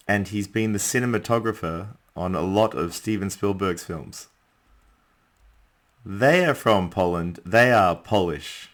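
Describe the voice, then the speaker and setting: Slow, low-voiced man teaching. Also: fairly bright tone. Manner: slow, deliberate teaching delivery with small asides. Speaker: English teacher. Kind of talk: beginner language lesson narration.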